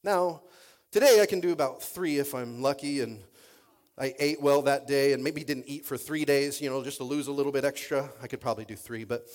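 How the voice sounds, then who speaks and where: A man preaching a sermon as pastor, reading scripture and praying in a soft, low voice, and often restarting sentences by repeating words. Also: a little fast. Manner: prays and reads in a soft, low voice.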